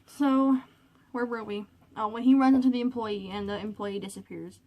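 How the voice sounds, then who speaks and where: Woman, slightly higher voice, casual vlog chat, rambling with fillers, a bit nervous, bedroom, phone recording. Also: steady tone, normal speed, highs cut off. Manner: rambling and chatty, with frequent fillers; a little nervous. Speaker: vlogger reviewing a movie. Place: her bedroom, alone. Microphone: cell phone.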